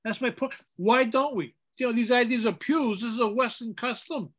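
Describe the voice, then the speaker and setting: A priest leads an informal Bible study in a bright, high voice. He is animated, slipping into chanted liturgical phrases and putting questions to the group. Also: moderate pace.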